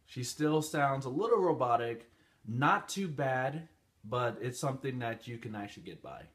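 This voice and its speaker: A man's voice: medium pitch, animated, moderate pace, fairly bright tone. A man hosting a casual tech review, chatty and rambling with fillers as he talks through phone settings. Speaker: channel host.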